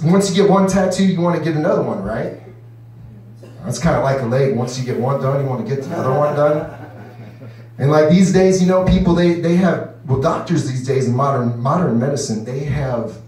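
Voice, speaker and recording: A man's voice: fairly high pitch, darkish tone. A man doing his first stand-up set, rambling loosely with lots of "you know" and acting out voices. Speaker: stand-up comedian. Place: comedy club stage. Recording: echoey room, distant mic.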